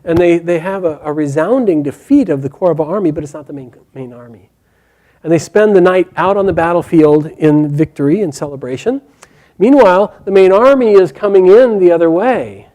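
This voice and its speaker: Mellow, animated male storyteller. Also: high-pitched, brisk. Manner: animated, lively retelling with fillers. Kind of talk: oral storytelling.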